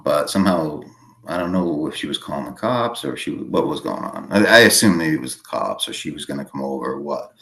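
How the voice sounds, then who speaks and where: A man with a Boston accent telling a long personal story in casual chat, halting and full of fillers. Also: very deep voice, a bit bright. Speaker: podcast guest.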